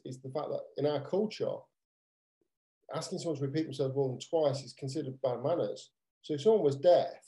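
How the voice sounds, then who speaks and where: In a roughly recorded clip, a British podcast co-host chats casually, wandering off track and restarting often amid fillers. His voice is mellow and sits at medium pitch.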